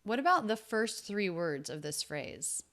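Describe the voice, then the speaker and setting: Woman teacher at mid pitch who breaks English words down slowly and repeats them. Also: very animated, noisy background. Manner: slow and deliberate, repeats sounds to show them. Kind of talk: explaining pronunciation from a film clip.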